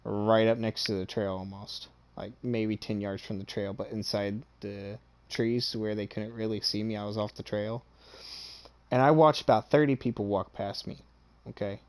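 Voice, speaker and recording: A man with a somewhat low voice tells a story in a loose, chatty way. He swears freely and sounds pleased with himself. He keeps checking in with his listener as he goes. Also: steady tone, moderate pace, a little mellow. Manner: boastful and amused. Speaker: streamer. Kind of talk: casual storytelling.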